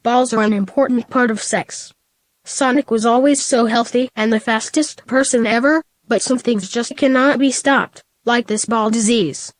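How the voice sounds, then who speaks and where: A woman reading a fan story aloud in a flat, matter-of-fact way. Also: on the high side, normal speed, no room sound. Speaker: narrator.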